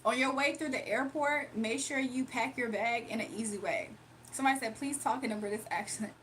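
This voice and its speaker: A woman with a slightly high voice chats casually on a livestream, reading viewer comments aloud and laughing often. Faint background hiss sits under her voice. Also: brisk, fairly bright tone. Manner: chatty, laughs often, answers viewers directly. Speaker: livestream host reading chat. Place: home, early morning.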